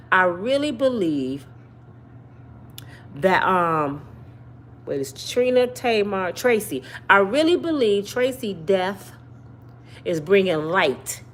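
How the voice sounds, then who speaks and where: Animated woman with a lively pitch. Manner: animated, talks to viewers directly, repeats and hedges with "allegedly". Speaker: commentary channel host. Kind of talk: casual commentary monologue.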